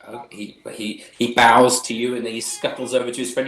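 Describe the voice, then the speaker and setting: A man's voice: medium pitch, little pitch movement, a little fast, fairly bright tone, echoey room, poor audio. A man running a tabletop game, describing the scene in a rambling, chuckling way. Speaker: game master.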